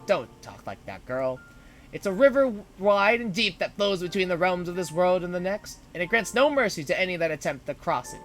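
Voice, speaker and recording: A man doing a gruff, fierce old grandmother. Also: high-pitched, lively intonation, fairly quick, fairly bright tone, soft background music. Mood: stern. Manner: gruff, scolding.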